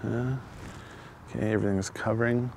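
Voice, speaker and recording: A man's voice: lowish voice, steady tone, normal speed, gravelly, noisy background. A man vlogging on his own outdoors, talking himself through a first try at a new instrument, self-deprecating and chuckling as he thinks aloud. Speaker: channel host trying bagpipes. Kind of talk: casual solo vlog. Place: outdoors in the open.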